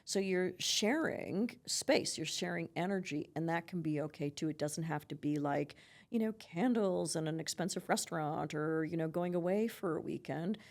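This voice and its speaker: A middle-aged woman speaks as a therapist guest in a relaxed podcast chat. Her voice sits fairly low and has a gravelly, fry-edged texture. She explains things earnestly, often checking in with "right?". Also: moderate pace. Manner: earnest and advising, with lots of "you know" and "right?". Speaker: psychotherapist guest. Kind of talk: conversational podcast interview, giving advice.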